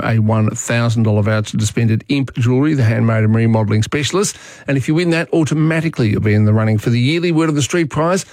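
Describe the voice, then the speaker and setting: Man, Australian accent, talkback host, mid pitch, chatty, dry studio mic. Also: a little mellow, dry recording. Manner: conversational, thinking aloud with fillers. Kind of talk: talkback radio chat.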